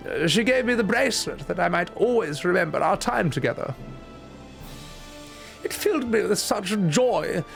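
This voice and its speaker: A man's voice: high-pitched, expressive, normal speed, creaky, a bit bright, soft background music, heavily acted. A man voicing a sweet, grateful old woman in a game, pleading theatrically. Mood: distraught.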